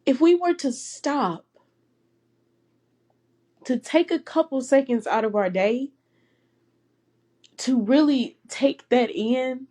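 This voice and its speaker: Young woman, faith podcast host, a touch high-pitched, earnest and teary, laughs often. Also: takes it slowly, pauses often, warm tone. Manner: heartfelt and earnest, breaks into laughter between phrases; emotional, close to tears at times. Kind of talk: personal faith podcast monologue.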